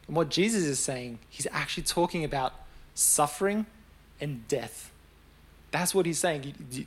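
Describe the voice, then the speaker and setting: A young man delivers a sermon in a relaxed, talkative way. His voice sits a little high for a man, and he slips into lively acted voices for the people in his stories. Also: a little slow. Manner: conversational, animated storytelling with acted-out quotes. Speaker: preacher.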